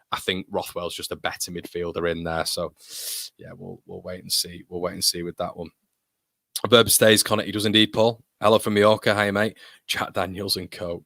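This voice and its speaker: A British man in his thirties talks in a loose, rambling way, answering viewers as a match plays along. His voice sits very low, and the sound is close and dry with no room to it. He laughs often between thoughts. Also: sharp tone, dry recording. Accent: British English. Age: 30s. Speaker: football fan channel host. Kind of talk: casual live match watchalong chat.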